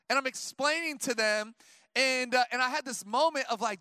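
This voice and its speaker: Before his congregation at a church service, a pastor in his thirties alternates between fervent, escalating calls and relaxed story asides. In those stories he talks conversationally, sprinkling in fillers such as "like" and "you know." His voice is extremely high and fairly quick, and the recording is dry.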